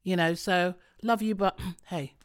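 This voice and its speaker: A woman's voice: lowish voice, steady tone, unhurried. A woman, co-hosting a podcast in a studio and telling stories in casual, chatty talk. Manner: chatty, storytelling, swears freely. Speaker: podcast co-host. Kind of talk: casual chat.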